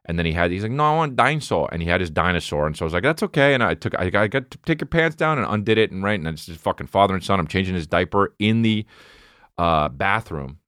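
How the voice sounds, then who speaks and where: Brief: male comedian, 30s, casual profane storyteller, very animated delivery, dry close mic. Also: sits low, fast talker, dry recording. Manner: profane, animated, swings between mumbling and shouting.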